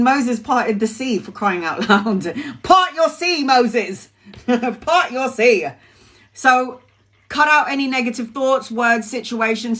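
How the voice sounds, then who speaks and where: Chatty woman giving live tarot readings. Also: fairly high pitch. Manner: warm, chatty, addresses viewers by name; emotional, laughs easily. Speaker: tarot reader.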